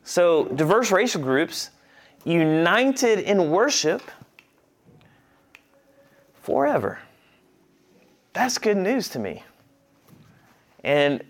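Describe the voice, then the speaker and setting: A man teaching a church class, talking conversationally, restarting phrases and checking that the group follows. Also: mid-range voice.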